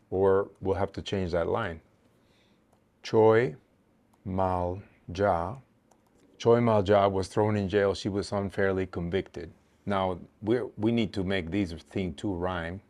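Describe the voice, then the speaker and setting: Man, lowish voice, workshop instructor; patient, explanatory, thinks aloud with fillers. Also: fairly even intonation, a little slow, darkish tone. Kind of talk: teaching a workshop.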